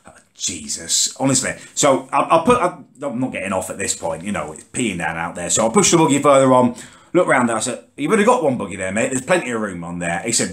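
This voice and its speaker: A man's voice: fairly low pitch, fast. Guy ranting and swearing to camera, voice jumps up and down all over. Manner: exasperated, sweary, rants with lively rises and sudden drops. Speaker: ranting vlog host. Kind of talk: comic character rant to camera.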